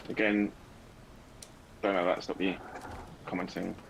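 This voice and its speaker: A man with a low, gravelly voice teases his co-host in rambling banter during a game stream. There is clear background noise behind him. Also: little pitch movement, a little slow, poor audio. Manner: teasing, rambling. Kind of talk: casual gaming chat.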